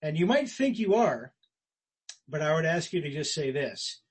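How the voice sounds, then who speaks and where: A man preaching a sermon as pastor, earnest and conversational, rising for emphasis and dropping quiet. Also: fairly high pitch, very animated, normal speed, slightly rough, poor audio. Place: church.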